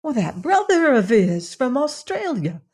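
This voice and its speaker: A woman performs an exaggerated character voice, pitched higher than her own, as a chatty, gossipy young woman with a breezy manner. The voice is high and a bit mellow, unhurried, with big swings in pitch.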